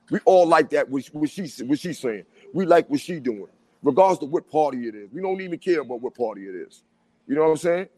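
A man in casual chat, talking in an animated, street-style way and often asking "you know what I'm saying". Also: on the high side, dry recording.

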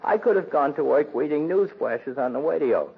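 An actor playing a prim, gloomy former secretary with prissy, overly formal wording in a 1940s radio sitcom. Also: male voice, a little high, expressive, normal speed, vocal fry, slightly rough, exaggerated voice. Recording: tinny old radio broadcast with faint hiss.

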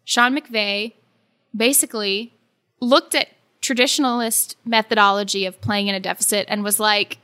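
A woman co-hosting a casual sports talk show, animated and quick to laugh as she acts out what others say. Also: mid-range voice, clear, resonant tone. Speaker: sports podcast co-host.

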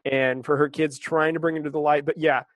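A man's voice: on the high side, flat delivery, a little fast, dry recording. A man co-hosting a casual chat, talkative and wry, laughing often. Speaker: podcast co-host.

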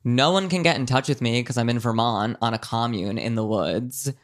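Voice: medium pitch, moderate pace. Young adult rambling storyteller, lots of "like". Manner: rambling, filler-heavy, swears often. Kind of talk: casual chat.

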